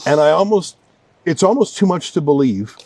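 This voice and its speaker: A man's voice: on the high side, sing-song, moderate pace, warm tone, a little hiss or hum. A man interviewing a guest, reacting with disbelief and exclamations. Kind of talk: conversational interview.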